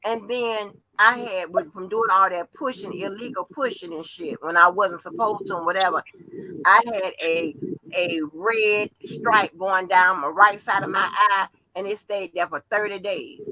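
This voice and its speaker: A woman tells a story in casual conversation, with a very bright, sharp voice. She talks in an animated, profane way. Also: medium pitch, a little slow, rough recording.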